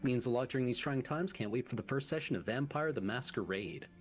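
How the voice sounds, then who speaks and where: Streamer co-host, animated delivery, faint music under the voice. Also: medium pitch, a little fast. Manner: animated, stumbles over names. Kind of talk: casual chat reading subscriber thanks.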